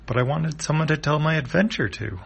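A man's voice: fairly high pitch, very animated, normal speed, gravelly, a bit bright, husky, voice pushed up, heavily acted. A man voicing a lonely, eager space hero who wants someone to hear his story. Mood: plaintive. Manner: earnest, plaintive.

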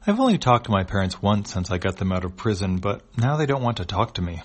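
A man's voice: lowish voice, very animated, fast. A man voicing a sincere, open young delinquent in a read-aloud comic. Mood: earnest. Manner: earnest, sincere.

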